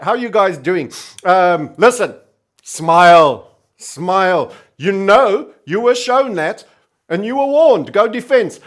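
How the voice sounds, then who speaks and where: High-voiced, theatrical market host. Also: male voice. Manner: theatrical, energetic and cheery, self-styled entertainer; sardonic and doom-laden. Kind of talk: energetic market commentary.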